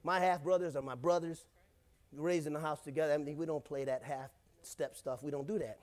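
A man's voice: a little high, fairly even intonation, a little fast, a little mellow. A male pastor preaching a sermon in church, in a casual, joking way, often calling out to the congregation.

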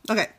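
Bright, chatty woman in her thirties. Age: 30s. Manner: chatty, jokey, swears freely. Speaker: makeup tutorial livestreamer. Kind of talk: casual live makeup tutorial.

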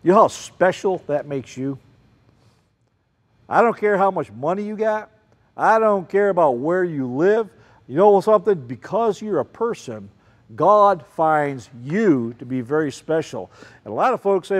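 A man, a children's ministry speaker giving an animated talk to a group of kids and calling out questions to them. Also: sits high, unhurried. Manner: animated, calls out questions to the crowd. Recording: long reverb, large hall.

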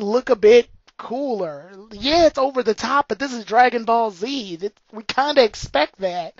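A woman's voice: fairly high pitch, dry recording, dull audio. A woman giving a casual, opinionated spoken review of an anime episode, blunt and occasionally profane.

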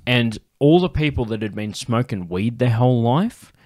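A man's voice: medium pitch, animated, normal speed, a little mellow, no room sound, clean studio sound. An Australian man hosting a podcast in casual chat, rambling and laughing often, now and then slipping into silly voices. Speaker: podcast host.

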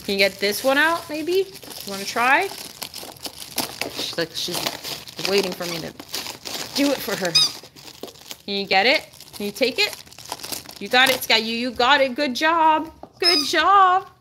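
A young woman hosting a casual livestream, cooing and encouraging her dog and swinging up high when she praises it. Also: expressive, unhurried, pauses often, noisy background.

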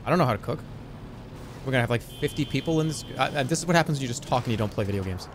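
A man's voice: medium pitch, expressive, very fast, a little hiss or hum. A man streaming a game, chatting casually in a rambling, stammering way with plenty of swearing. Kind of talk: casual chat while gaming.

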